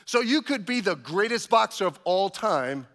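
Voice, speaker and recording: Bright-voiced man preaching in a hall. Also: sits high, animated, moderate pace. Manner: rising to loud emphatic preaching, asks the congregation for amens. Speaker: pastor. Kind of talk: sermon.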